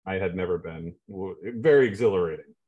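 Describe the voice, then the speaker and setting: A young man with a very low voice chats on a podcast in a relaxed, easygoing way. He scatters "dude" and "like" through his talk. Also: a little fast, lo-fi sound. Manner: laid-back, uses "dude" and "like". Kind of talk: casual podcast chat.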